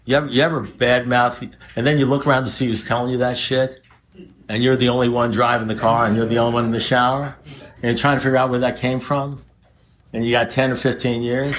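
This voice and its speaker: A man's voice: medium pitch, fairly bright tone. Blunt, profane man in his seventies. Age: 70s. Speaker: recovery meeting speaker. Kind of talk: recovery meeting talk. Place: recovery meeting room with a group.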